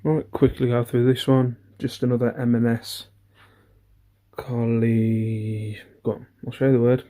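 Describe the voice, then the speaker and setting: A man's voice: mid-range voice, level tone, measured pace, dark tone. Rambling reseller man. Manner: chatty, rambling, self-deprecating, many ums. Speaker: eBay reseller. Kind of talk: casual haul vlog.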